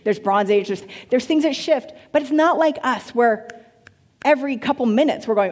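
A woman pastor teaching a church congregation in an animated way, asking the room questions. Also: high voice, normal speed.

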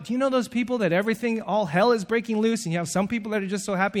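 A man delivers a sermon in a lively, animated way. His voice sits high for a man, and he slips into the voices of the people he quotes. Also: racing, few pauses. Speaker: preacher.

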